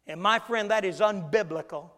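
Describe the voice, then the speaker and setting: A male preacher delivering an emphatic sermon, rising to loud peaks and dropping low again. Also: moderate pace. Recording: long echo in a large hall.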